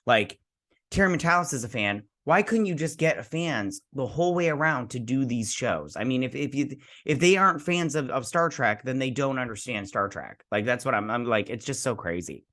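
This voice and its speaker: Man, thirties, casual TV review, excitable, rambling, lots of "like", middle pitch. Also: normal speed. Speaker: TV show reviewer.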